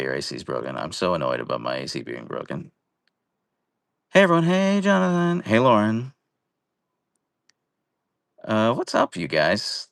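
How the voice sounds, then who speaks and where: Guy live streaming from home, joking with chat, low gravelly voice, dry sound. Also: a bit bright, no room sound. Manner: playful, jokey, greeting viewers by name. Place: at home, indoors.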